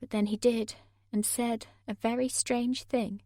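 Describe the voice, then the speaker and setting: A woman narrating a thriller audiobook in the first person, measured and tense. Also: a little high, flat delivery, warm tone, dry recording, clean studio sound.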